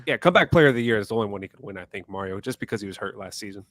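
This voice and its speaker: A man's voice: lowish voice, lively intonation, racing, a bit bright, dry recording. A man co-hosting a sports podcast who gives blunt opinions and retells anecdotes. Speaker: podcast co-host. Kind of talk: casual sports chat.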